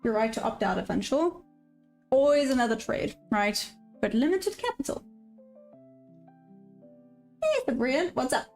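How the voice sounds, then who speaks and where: A chatty woman hosts a day-trading livestream, reading viewer comments aloud in a casual, upbeat way. Her voice sits fairly high, and she laughs often. Soft music plays faintly behind her. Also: very animated, normal speed, vocal fry, pauses often. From South Africa.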